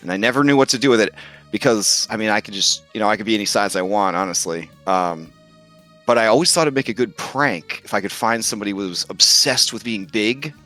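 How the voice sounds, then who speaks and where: A man's voice: fairly low pitch, brisk, pushed and bright, soft background music, voice pushed down. A man voicing a sly female goddess posing as a bard, teasing and laid-back.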